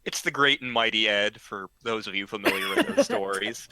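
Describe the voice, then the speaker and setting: A man's voice: medium pitch, huge pitch swings, creaky, crowd noise. A man telling a casual story, full of ums and restarts and acting out what people said. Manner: halting, full of ums and restarts, acts out quoted lines.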